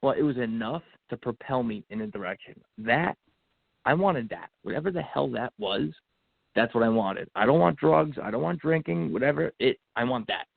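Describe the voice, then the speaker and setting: A man guest on a podcast telling an emotional personal story, animated and acting out what people said, with many fillers and restarts. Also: mid-range voice, normal speed, creaky, no echo. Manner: animated, acts out quotes, frequent fillers and restarts. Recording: phone-like narrow band audio.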